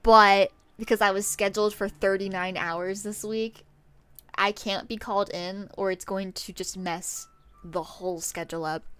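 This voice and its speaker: A woman streamer chatting casually to her viewers on a work-along stream, bubbly and quick to giggle. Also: medium pitch, steady tone, a bit bright, smooth, no echo.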